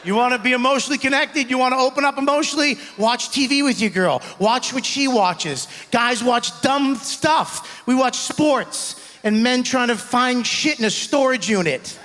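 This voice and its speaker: A young man performing a stand-up set on stage, animated, shouting punchlines and acting out voices. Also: extremely high pitch, moderate pace, few pauses. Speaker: stand-up comedian. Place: comedy club stage before a live audience. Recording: live stage audio with long hall reverb.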